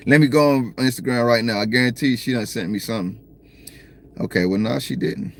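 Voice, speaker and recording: Speaking fairly quickly in a gravelly, medium-pitched voice, a man with a Southern American accent livestreams from his parked car. He's relaxed and jokey, addressing viewers directly and reading their comments aloud.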